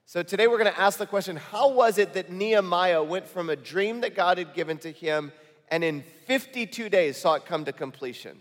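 A man's voice: sits high, in a large hall. A male pastor preaching a sermon, reading scripture aloud with conversational, joking asides.

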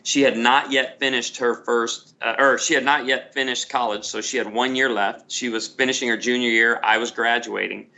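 Pria bercerita dengan suara cerah. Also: male voice, medium pitch, normal speed, hardly any pauses. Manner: animated storyteller, repeats words when starting sentences. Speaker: pastor and author guest. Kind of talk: conversational interview storytelling.

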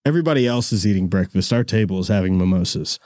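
A man's voice: sits low, animated, fast, a little mellow, no echo, studio quality. A man hosting a podcast who tells casual, rambling stories and swears freely. He laughs often and calls people "dude" in a laid-back way. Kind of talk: casual storytelling chat. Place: studio room. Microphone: studio mic with cord.

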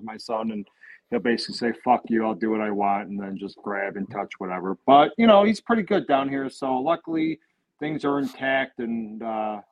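A man's voice: mid-range voice, dull audio. A man who is a guest on a casual podcast, telling stories in a rambling way and swearing freely.

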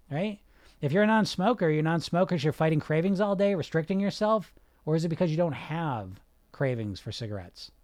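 A man with a fairly high voice coaches a group on weight loss. He talks in a blunt, emphatic way and swears now and then. He keeps firing rhetorical questions at his listeners. The sound is dry and close. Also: a little mellow, no echo.

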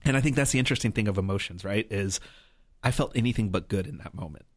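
Earnest low-voiced man telling a story. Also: quick pace, no room sound, studio quality. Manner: earnest, reflective, often says "like" and "right?". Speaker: guest. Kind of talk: conversational storytelling.

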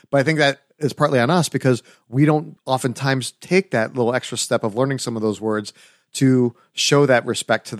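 An American man hosts a casual interview, chatting in a friendly way and asking loose, filler-laden questions. His pitch is ordinary and mid-range. The sound is dry and close, with no room echo. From United States. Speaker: podcast host.

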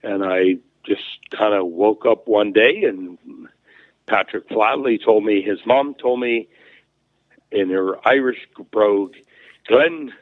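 A former hockey player, a man, rambles through stories as an interview guest, full of fillers and restarts. His voice sits on the low side and moves slowly. The recording is dry and narrow, like a phone line.

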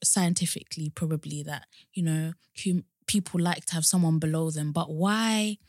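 A young woman co-hosting a podcast in casual chat, explaining things at length and getting animated when outraged. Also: deep voice, normal speed, dry recording, clean studio sound. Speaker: podcast co-host.

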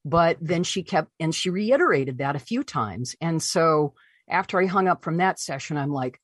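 A woman who is an interview guest, telling a personal story in an animated way and voicing her own past reactions. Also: sits low, normal speed, no room sound, clean studio sound.

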